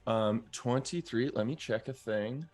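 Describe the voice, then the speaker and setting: A man narrating as game master of a tabletop game, giving calm, measured rulings with frequent fillers. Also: medium pitch, faint music behind.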